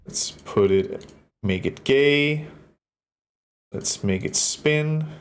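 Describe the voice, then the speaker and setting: Goofy, sweary streamer with lively pitch. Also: very slow, a little hiss or hum. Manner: chatty, swears freely, makes goofy sound effects. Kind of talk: live stream banter while building a stage.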